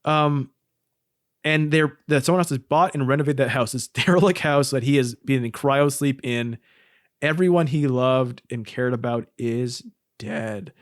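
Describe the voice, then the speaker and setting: A man's voice: mid-range voice, measured pace, no room sound. Sardonic man recapping with dry wit. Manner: sardonic, acts out scenes in funny voices. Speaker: podcast co-host. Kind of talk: casual comedic recap chat.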